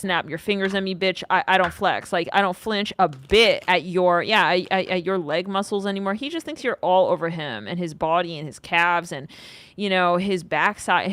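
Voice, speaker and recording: A woman's voice: fairly low pitch, a bit bright, dry recording. A woman doing a casual tarot reading, rambling and sassy, with swearing along the way. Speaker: tarot reader.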